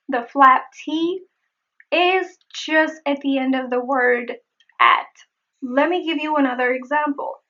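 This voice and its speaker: High, bright-voiced woman accent coach. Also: steady tone, muffled recording. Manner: repeats example words slowly and carefully. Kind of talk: pronunciation lesson.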